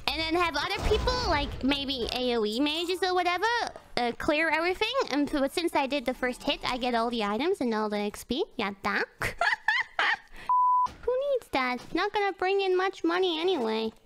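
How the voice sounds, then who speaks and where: A woman streaming a game, talking excitedly, laughing often and swearing casually as she plays. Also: high voice, moderate pace, a little hiss or hum. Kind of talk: gaming livestream commentary. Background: game music.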